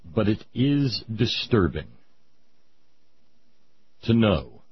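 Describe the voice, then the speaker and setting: A man's voice: on the low side, big pitch swings, extremely slow, breathy edge, dull audio. A man hosting a talk show, delivering a sarcastic, opinionated monologue. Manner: sarcastic, ranting, mocking voices.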